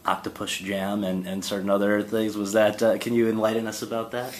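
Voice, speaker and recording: A man interviewing an actress, asking questions in a halting way that searches for words. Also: fairly low pitch, flat delivery, slight background noise, rough recording. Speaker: interviewer, awards analyst.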